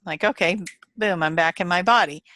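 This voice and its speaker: A woman's voice: on the low side, moderate pace, fairly bright tone, dry recording. A woman guest in an interview, telling a story casually, retelling quoted voices with animation and laughter.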